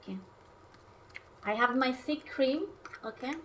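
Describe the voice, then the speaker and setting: A woman's voice: high-pitched, unhurried, slight background noise. A young woman from Hungary, chatting casually on a livestream while she cooks, playful and self-mocking. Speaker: streamer.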